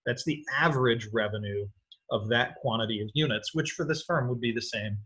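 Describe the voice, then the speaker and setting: A man's voice: medium pitch, fairly quick, a bit bright. A man giving a recorded economics lecture, explaining step by step and often checking in with the listener. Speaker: economics teacher.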